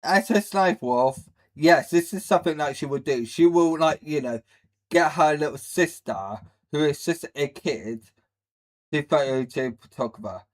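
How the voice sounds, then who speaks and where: A man's voice: fairly high pitch, expressive, unhurried. A man hosting a live stream, ranting bluntly and rambling in a mocking way as he reacts to videos. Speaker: livestream host.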